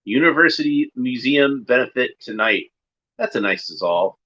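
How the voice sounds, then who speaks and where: A man's voice: medium pitch, lively intonation, moderate pace, bright, forceful tone, muffled recording. A man hosting a watchalong, giving casual, enthusiastic commentary with offhand asides while a cartoon plays. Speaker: watchalong host.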